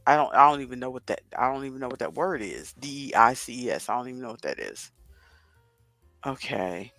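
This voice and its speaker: A chatty man in his fifties hosts a casual home livestream, working out crossword clues aloud. His mid-range voice, fairly quick, swings up and down with lively intonation. A close headset mic with headphones captures him in a dry, dead room with no room sound and faint music underneath.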